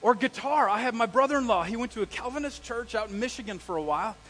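Pastor guy preaching, kinda high voice for a man, tells stories and keeps asking the crowd stuff. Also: fast, low-quality recording. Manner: animated storytelling, asks the congregation questions. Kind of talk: live sermon to a congregation.

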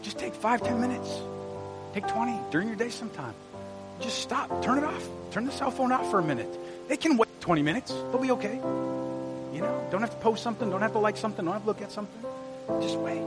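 A man, a pastor preaching a sermon in a church, telling stories in a conversational way and talking straight to the congregation. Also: high-pitched. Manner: storytelling, conversational with asides to the congregation. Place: church sanctuary.

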